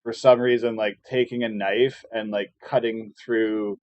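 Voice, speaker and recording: A man's voice: lowish voice, level tone, a little slow, dry recording, highs cut off. A man streaming a casual, rambling rant full of filler words and profanity, often sarcastic and mocking. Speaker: live streamer. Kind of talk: casual ranting monologue.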